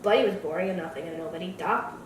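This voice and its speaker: This podcast co-host reviews movies in casual conversation, rapid-fire and blunt, with strong opinions and animated mock voices. Her voice sits on the low side. The audio carries a little hiss or hum, recorded on a distant mic in an echoey room.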